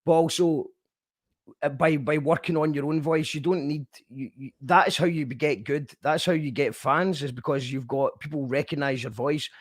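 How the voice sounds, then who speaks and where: Encouraging male host, fairly high voice. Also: fairly even intonation, moderate pace, no room sound, studio quality. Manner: encouraging and emphatic, with many restarts. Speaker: radio show host. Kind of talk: casual interview chat.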